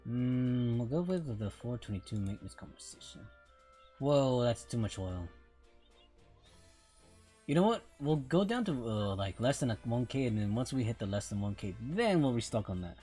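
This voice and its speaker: A man's voice: medium pitch, expressive, moderate pace, warm tone, slightly rough, faint music behind. A man streaming a mobile game, rambling through casual commentary and often repeating himself.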